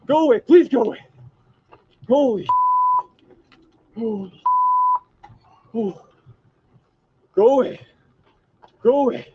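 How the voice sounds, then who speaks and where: Frightened man yelling outdoors. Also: very high-pitched, slow, long pauses, noisy background. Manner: frantic, yelling and cursing. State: frightened, heart racing. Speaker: hiker filming a wild animal. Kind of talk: panicked shouting at an animal. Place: outdoors on a trail. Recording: dull lo-fi clip.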